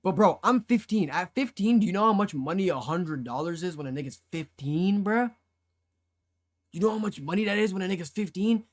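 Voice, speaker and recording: High-voiced young man telling a story. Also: fairly quick. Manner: animated slangy storytelling, acts out his own past reactions. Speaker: streamer. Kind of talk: casual storytime to a live chat.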